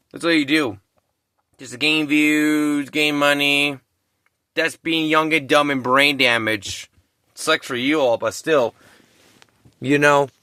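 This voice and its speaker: A young man in his late twenties rants heatedly straight to camera, swearing and circling back over the same points. His voice sits a bit high for a man and comes out sharp and forceful. The recording is close and dry. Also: no echo. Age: 20s. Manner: heated, profane, repeats himself. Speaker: vlogger. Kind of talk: angry ranting commentary to camera.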